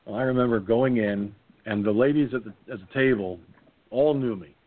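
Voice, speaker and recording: A man in his sixties hosting a casual talk show, telling a comic anecdote and jumping into silly high voices. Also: a little fast. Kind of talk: casual storytelling chat. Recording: phone-line audio.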